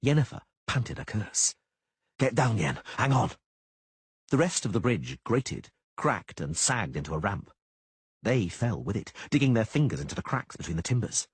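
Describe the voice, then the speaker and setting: A man narrating an audiobook with a husky, breathy voice, fairly low in pitch. His delivery swings widely in pitch and the sound is dry and close. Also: normal speed, no echo. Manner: dramatic, lively reading. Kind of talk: scripted narration.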